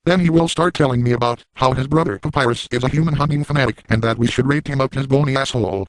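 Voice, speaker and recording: A man doing a crude boastful lowlife, dry and flat. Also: quick pace, no echo, natural voice, rough recording. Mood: smug. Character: crude boastful adult man, lewd and shameless. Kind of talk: first-person comedic storytelling.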